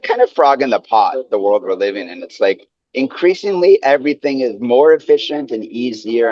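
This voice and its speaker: A man with a New York accent speaking on a panel discussion in an animated way, often breaking off and restarting. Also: no echo, lo-fi sound. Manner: animated, self-interrupting, lively pitch swings. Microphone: webinar call.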